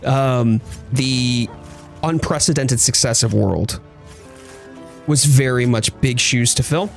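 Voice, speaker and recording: A man's voice: mid-range voice, slow, gravelly, faint music behind. A man streaming a game, chatting casually and thoughtfully with his viewers while he plays. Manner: thoughtful, hedging, reads chat aloud. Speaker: gaming streamer. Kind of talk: casual live-stream chat.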